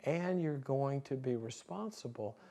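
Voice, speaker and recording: A man, a psychologist, telling stories in a talk, animated and laughing, acting out quotes. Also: mid-range voice, measured pace, creaky. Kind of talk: storytelling talk.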